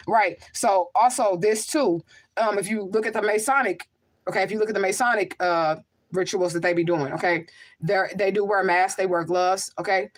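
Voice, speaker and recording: A woman hosting a casual livestream, reading viewer comments aloud and answering them in an emphatic, rhetorical way, often asking "okay?". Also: on the low side. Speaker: livestream host and spiritual medium.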